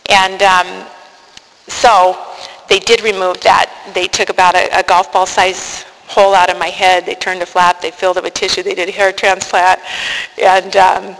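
In a reverberant hall with faint noise, a middle-aged woman shares a heartfelt personal testimony of faith. Her mid-range voice is gravelly and fairly bright, and she is earnest, often restarting and sometimes stumbling over her words.

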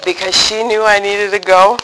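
A woman giving a faith testimony to an audience in an animated storytelling manner, acting out the voices of family members she quotes. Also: medium pitch, moderate pace, poor audio. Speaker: speaker sharing a faith testimony. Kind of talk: personal storytelling talk to an audience.

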